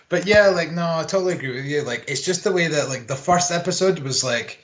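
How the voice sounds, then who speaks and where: A man's voice: a little high, fairly quick, a bit bright. A man co-hosting a casual podcast chat, ranting with plenty of swearing and mocking put-on quotes. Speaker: podcast co-host. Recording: roomy echo.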